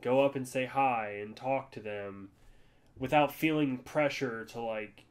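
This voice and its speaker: A man from the United States chats on a podcast at an ordinary middle pitch. He rambles through his stories in a loose, casual way. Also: a little slow. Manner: rambling storyteller, jumps to high-pitched voices for quoted people. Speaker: podcast co-host. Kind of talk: casual chat.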